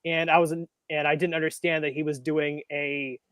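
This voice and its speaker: A man's voice: fairly high pitch, flat delivery, moderate pace, fairly bright tone, clear, resonant tone, no room sound. A man in casual wrestling chat, recalling things hesitantly with restarts.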